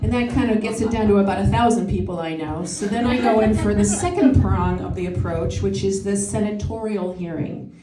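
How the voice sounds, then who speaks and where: A woman in her forties, a stand-up comedian and emcee, performs a chatty, self-deprecating set at a comedy venue with a live audience, laughing at her own jokes. With no microphone, her mid-range voice is picked up from afar in an echoey room over a noisy crowd. She speaks a little fast, with few pauses.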